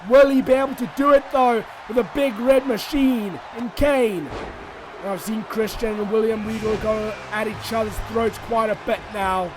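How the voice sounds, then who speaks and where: A man giving excitable, shouty solo commentary over a wrestling video game, swinging between rants and mock outrage. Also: high voice, moderate pace, background noise.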